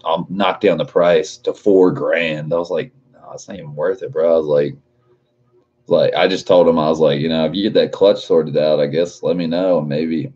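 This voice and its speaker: A man's voice: deep voice, a little mellow, muffled recording. A man in his late twenties chatting casually on a livestream, reading out chat messages and swearing often. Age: 20s. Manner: laid-back, swears a lot, laughs often.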